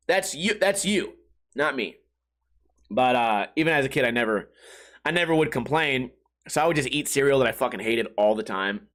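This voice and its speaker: A man's voice: high voice, fairly bright tone. A man hosting a solo comedy podcast, rambling and swearing casually and laughing at his own jokes. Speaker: podcast host.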